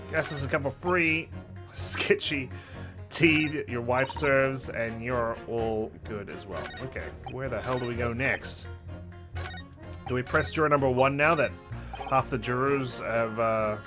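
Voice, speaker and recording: A man giving casual, joking commentary while playing a courtroom game. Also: mid-range voice. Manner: joking, laughs often. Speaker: let's play gamer. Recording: game music behind commentary.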